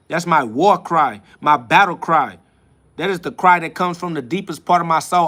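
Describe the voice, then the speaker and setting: A man's voice: a little high, moderate pace, sharp tone. A man hosting a live self-talk stream, answering chat comments in a defiant, preachy way, laughing often and repeating his phrases. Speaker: livestream host.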